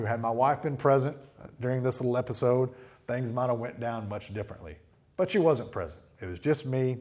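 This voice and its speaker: A middle-aged man preaching a sermon, telling stories and acting out quotes with lively voices. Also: medium pitch. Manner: storytelling with animated acted-out quotes. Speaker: pastor.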